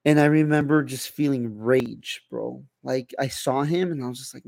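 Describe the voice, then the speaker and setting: A man's voice: medium pitch, moderate pace, vocal fry, few pauses, a little mellow, no echo, clean studio sound. A young man co-hosting a podcast in loose casual chat, swearing freely with lots of fillers and restarts. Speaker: podcast co-host.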